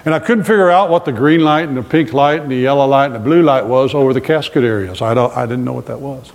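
A man in the pulpit preaching to a live congregation, his voice at a middle pitch. He tells stories with a joking, self-deprecating touch and keeps throwing questions to the crowd. The recording carries a long reverb tail from a large hall. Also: fast talker. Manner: humorous storytelling with audience questions. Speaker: pastor. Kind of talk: sermon.

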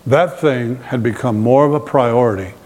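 A man in the pulpit preaching to a live congregation, his voice at a middle pitch. He tells stories with a joking, self-deprecating touch and keeps throwing questions to the crowd. The recording carries a long reverb tail from a large hall. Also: moderate pace, a little mellow. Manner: humorous storytelling with audience questions. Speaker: pastor. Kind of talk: sermon.

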